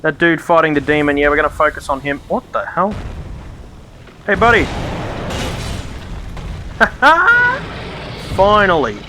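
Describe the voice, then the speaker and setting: A man's voice: a little high, huge pitch swings, unhurried, music in the background. A man streaming a video game, joking to himself and laughing often in casual commentary. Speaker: gaming streamer. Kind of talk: casual let's-play commentary.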